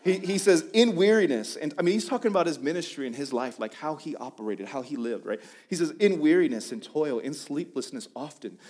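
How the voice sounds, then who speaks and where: A pastor with a fairly high-pitched voice delivers a sermon in a conversational, animated style, frequently starting his phrases over.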